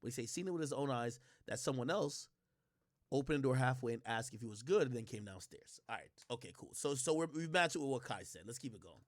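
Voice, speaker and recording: A man's voice: medium pitch, animated, quick pace, no room sound, studio quality. A man streaming a reaction, commenting at length on a clip and explaining with frequent restarts. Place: streaming setup.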